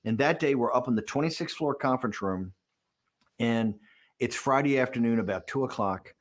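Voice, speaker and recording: A man's voice: mid-range voice, normal speed. A man in his sixties giving a candid documentary interview, telling a story with animation and acting out quoted dialogue. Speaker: interview guest.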